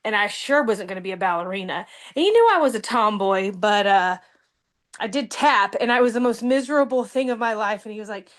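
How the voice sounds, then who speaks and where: A woman on a support call, telling stories in a chatty, animated way. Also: mid-range voice, brisk. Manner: animated, chatty, laughs easily. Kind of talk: casual storytelling chat.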